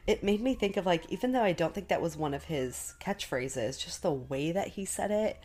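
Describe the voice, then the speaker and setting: A woman with a low voice chats through an episode recap on her podcast. She talks loosely with many fillers and acts out the characters' lines as she goes. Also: animated, moderate pace, darkish tone. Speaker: podcast co-host. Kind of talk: casual recap chat.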